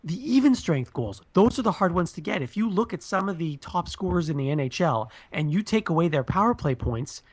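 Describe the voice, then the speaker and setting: A man's voice: fairly high pitch, big pitch swings, brisk, few pauses. Earnest man laying out a sports gripe. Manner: earnest, explains his pet peeves at length. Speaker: podcast co-host. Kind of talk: casual sports chat.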